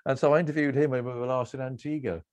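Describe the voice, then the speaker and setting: A middle-aged man telling relaxed anecdotes as an interview guest, rambling and self-deprecating with restarts and chuckles. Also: medium pitch, very fast. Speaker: cricket broadcaster, interview guest.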